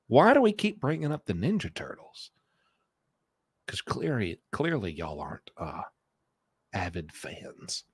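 A man's voice: lowish voice, breathy edge, no echo. A man commenting on a recorded phone call, sarcastic and mocking.

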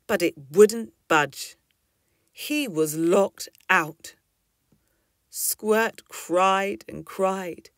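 A woman reads a children's story aloud, her voice bright and lilting. Her pitch rises and falls in lively swoops, and the recording is dry and close. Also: no room sound. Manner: expressive and lilting.

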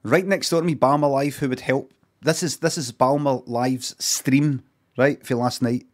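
A man's voice: medium pitch, fairly even intonation, moderate pace. A man, chatting casually and swearing while streaming reaction commentary. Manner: chatty, swearing, rambling asides.

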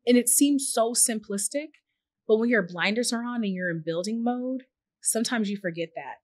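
A woman guest on a podcast, talking earnestly and reflectively with lively quoted asides. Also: on the high side, normal speed, no echo. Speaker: podcast guest, tech journalist and founder. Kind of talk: reflective conversational interview.

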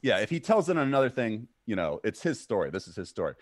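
This podcast co-host talks fast in a fairly low voice, with no echo on the recording. In casual conversation he spins animated stories, performs the characters' voices, and drops swear words without a second thought.

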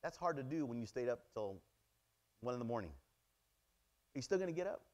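A male pastor preaching a sermon, acting out little dialogues and swinging between loud exclamations and quiet asides. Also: mid-range voice, moderate pace. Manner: animated, acts out dialogues in many voices. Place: church.

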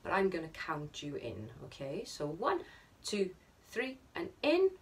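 Upbeat woman leading a vocal warm-up. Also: low voice, sing-song, measured pace, slight background noise. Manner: encouraging, upbeat instructions with counting. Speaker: choir leader. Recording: distant mic with music behind.

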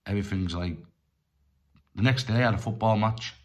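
A middle-aged man telling a personal story in a rambling, halting way, full of restarts and fillers. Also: fairly low pitch. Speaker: storyteller vlogger.

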